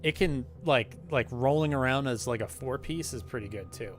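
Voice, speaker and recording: A man's voice: medium pitch, moderate pace. Rambling man streaming a shooter game. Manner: rambling, filler-heavy chatter. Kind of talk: casual gameplay commentary. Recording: game music behind the voice.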